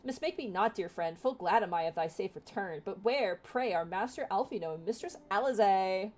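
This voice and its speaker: A woman's voice: medium pitch, expressive, normal speed, a little mellow, breathy edge, rough recording. Urianger, a woman putting on a valley-girl lilt. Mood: grandly formal. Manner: mock valley-girl lilt on old-fashioned speech. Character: archaic-speaking male scholar, grandly formal. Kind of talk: reading game dialogue aloud.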